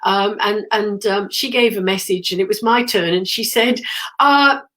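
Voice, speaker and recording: A middle-aged woman at an ordinary, middling pitch chats loosely on a live stream, trailing off into ums along the way. She has a cold and keeps pausing to clear her throat. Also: fairly bright tone. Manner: chatty and rambling, many ums and throat-clearing. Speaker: spiritual medium hosting a live stream. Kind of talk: casual live-stream chat.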